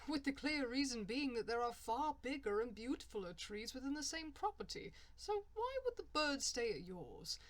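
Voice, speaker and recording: A woman voicing a pompous male pitchman in a fake advertisement, with a put-on English accent and a grand, theatrical delivery. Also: big pitch swings, normal speed, hardly any pauses. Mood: grandiose.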